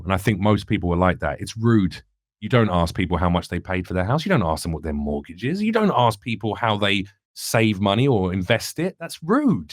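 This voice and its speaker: An English man with a lowish voice talks candidly on a podcast, thinking aloud and rambling through his points with frequent restarts. The sound is dry and close. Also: no room sound. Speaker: comedian guest.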